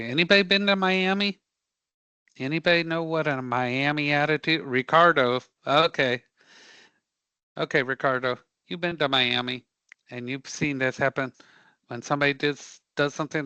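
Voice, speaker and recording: A man teaching a live career prep class, animated and joking as he quizzes the students. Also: a little high, clean tone, no echo. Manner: animated, joking, audience-engaging.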